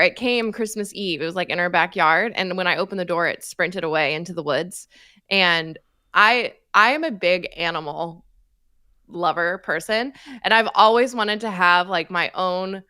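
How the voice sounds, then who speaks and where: Woman podcast cohost in her 30s, bright voice, dry close sound, chatty and animated. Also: on the low side, no room sound. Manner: animated storytelling, laughs often. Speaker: podcast co-host. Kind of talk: casual chat.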